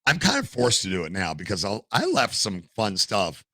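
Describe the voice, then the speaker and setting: An older man, a podcast guest, telling stories in a casual, animated way and acting out what others said. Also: lowish voice, moderate pace, dry recording. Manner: animated storyteller, acts out quotes. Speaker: podcast guest, gamer and streamer. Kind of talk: casual storytelling interview.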